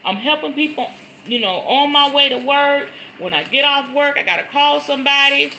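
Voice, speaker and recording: Very bright-voiced chatty woman host. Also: sits high, lively intonation, normal speed, creaky, highs cut off, a little hiss or hum. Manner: chatty, repeats words, often says y'all. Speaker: spiritualist livestream host. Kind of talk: casual livestream chat to viewers. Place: at home, in front of a decorated backdrop.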